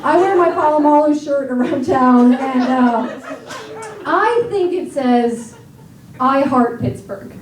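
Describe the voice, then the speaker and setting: A high-pitched woman with an American accent performs a stand-up set full of dry, self-mocking asides. She sounds a little off the mic, and her voice rings around an echoey comedy club. Laughter from the audience is clear behind her. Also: lively intonation, takes it slowly, recorded from a distance, crowd noise. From Northern Ireland. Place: comedy theater stage before a laughing audience.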